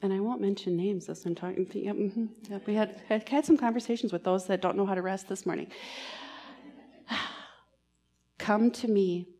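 A woman giving a sermon in church, earnest and pastoral, moving between emphatic lines and hushed, almost whispered ones. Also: mid-range voice, normal speed, long pauses. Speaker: preacher.

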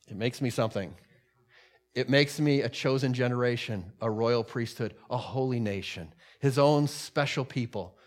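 A male pastor preaching a sermon, his voice swelling with emphasis and then dropping low for solemn points.

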